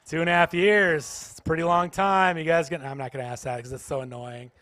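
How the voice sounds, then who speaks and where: High bright-voiced stand-up comedian. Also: male voice, fairly even intonation, fast, no echo. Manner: playful, teasing the audience. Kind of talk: stand-up comedy with crowd work. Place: church stage.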